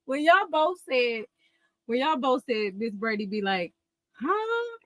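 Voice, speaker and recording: A woman hosting a casual livestream, telling stories in an animated way with lots of laughter and slang. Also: fairly high pitch, unhurried, no echo. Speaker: livestream host.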